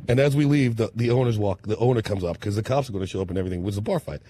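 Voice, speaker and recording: A man, a musician guest on a talk show, telling animated stories that he laughs through and acts out. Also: fairly low pitch, rapid-fire. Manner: lively storyteller, laughs through punchlines, acts out quotes.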